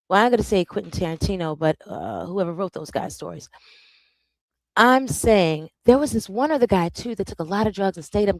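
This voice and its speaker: A woman talks through a casual live stream monologue, rambling and animated, dropping "bro" and "darling" as she goes. Her voice sits a bit low for a woman. The sound is close and dry, with no room around it. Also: no room sound, rough recording. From United States.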